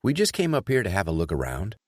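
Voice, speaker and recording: A man playing a calm, steady ex-soldier. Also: deep voice, quick pace, no room sound, studio quality, heavily acted. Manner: calm, polite. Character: calm male ex-soldier adventurer, steady and in control.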